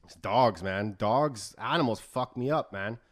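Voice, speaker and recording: A young man co-hosting a podcast, telling stories in a profane, animated casual chat. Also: mid-range voice, a little slow. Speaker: podcast co-host.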